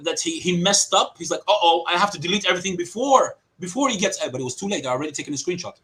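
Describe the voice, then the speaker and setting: A man's voice: sits high, big pitch swings, very fast, a bit bright, slightly rough, poor audio. A man presenting evidence in a heated online debate, passionate and indignant as he speaks. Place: lives in Greece.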